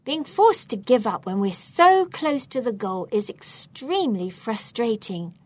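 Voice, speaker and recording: Slow, breathy woman reading a mystery. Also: fairly high pitch. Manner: expressive, suspenseful reading. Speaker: narrator. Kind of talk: read-aloud storybook narration.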